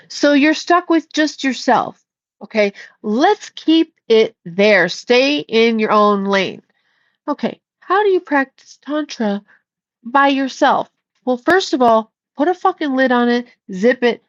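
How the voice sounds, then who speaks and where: Reading chat aloud on her casual livestream, a woman tells off a viewer bluntly and curses without restraint. She speaks at a fairly high pitch with no echo, and the audio is slightly dull and lo-fi.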